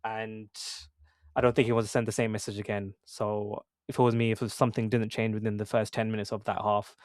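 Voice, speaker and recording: A young man co-hosts a football podcast in a lowish, level voice, talking fast and casually with many fillers and restarts. The recording is dry, with clean studio sound.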